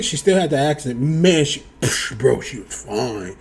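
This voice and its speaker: A young man telling a casual story to his viewers, animated, acting out the other people in high voices and swearing freely. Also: measured pace, husky. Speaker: storyteller vlogger.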